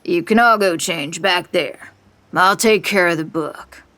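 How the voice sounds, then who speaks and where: A woman's voice: lowish voice, a little slow, fairly bright tone, dry recording. A woman voicing a rude, chain-smoking middle-aged former cop who talks curtly and grudgingly. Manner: curt, grudging.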